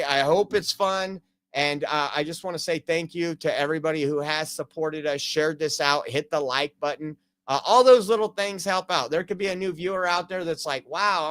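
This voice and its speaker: A man's voice: on the high side, fairly bright tone, clear, resonant tone, dry recording. A man hosting a casual live stream from home, talking loosely with many fillers. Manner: rambling, many fillers, reads out jokes. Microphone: home streaming computer.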